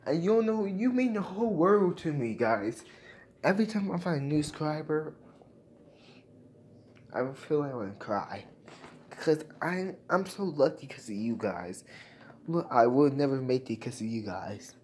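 A man's voice: a little high, lively intonation, normal speed, a little mellow, a little hiss or hum. A young man vlogging to his subscribers in a casual, emotional and repetitive way, thanking them over and over. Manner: emotional, repetitive, keeps saying "guys". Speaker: YouTuber. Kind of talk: casual vlog talk to viewers.

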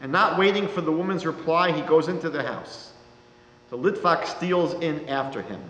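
A man, a rabbi giving a lecture, telling a story in a measured, dramatic way. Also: on the high side, fairly bright tone. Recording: reverberant lecture hall.

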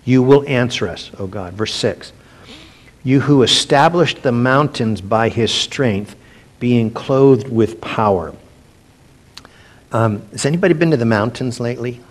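A man's voice: mid-range voice, unhurried. Chatty man teaching a Bible study. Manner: chatty, rambling asides with frequent restarts.

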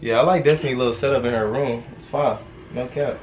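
A man's voice: mid-range voice, steady tone, a little fast, a little hiss or hum. A young man casually vlogging at home, playfully teasing and talking to his toddler in slangy speech. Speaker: vlogger dad. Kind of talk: casual family vlog. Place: home bedroom.

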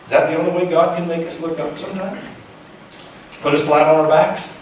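A man's voice: on the high side, steady tone, a little fast, a little hiss or hum. A male pastor preaching a sermon in a folksy, conversational way, asking his listeners questions. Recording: echoey church sound from a distant mic.

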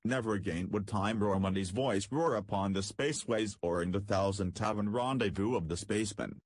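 A man with a lowish voice narrates an audiobook from a script, telling the story in a measured way.

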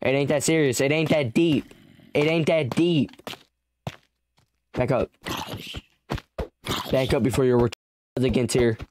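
A man's voice: medium pitch, slow, long pauses, darkish tone, a little hiss or hum. A young man giving let's play commentary, frantic and pleading as he bargains with the creatures in his game. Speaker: gamer.

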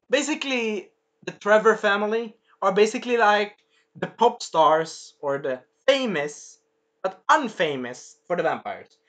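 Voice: medium pitch, lively intonation, measured pace, fairly bright tone. A reviewer giving a casual spoken episode review, rambling and swearing, with many fillers and restarts. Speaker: show reviewer.

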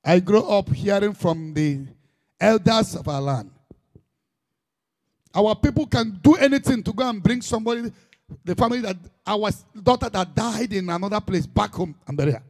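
A man's voice: high-pitched, normal speed, a little mellow. A man with a Nigerian Igbo accent, preaching a sermon as a pastor in an impassioned, emphatic style full of repetition.

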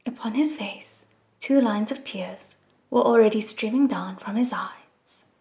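A woman narrating an audiobook in an expressive, soft reading style. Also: medium pitch, unhurried. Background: soft music.

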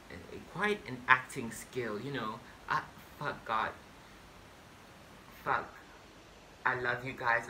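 A man telling a storytime vlog straight to camera in a slow, unhurried delivery. His voice is bright and forward, and he is excitable and boastful, with sudden loud bursts of swearing. Faint hiss sits under the recording. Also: mid-range voice. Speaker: vlogger. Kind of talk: casual storytime monologue to camera.

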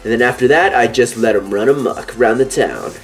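A man's voice: medium pitch, animated, a little fast, soft background music. A man doing goofy let's-play commentary, playful and joking. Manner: goofy, playful, drops into silly voices. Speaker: gaming YouTuber.

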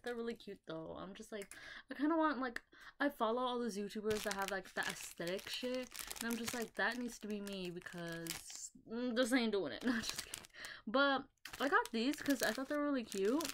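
Chatting in a casual haul video, a young female vlogger talks a little fast in a fairly high voice, rambling with lots of fillers and occasional swearing. It's recorded at home on a laptop mic against a noisy background.

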